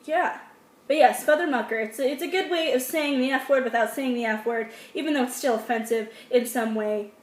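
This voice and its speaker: A woman's voice: sits high, a little fast. A young woman vlogging in a chatty, sassy way, acting out little scenes as she talks. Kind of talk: casual comedic vlog. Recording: echoey room.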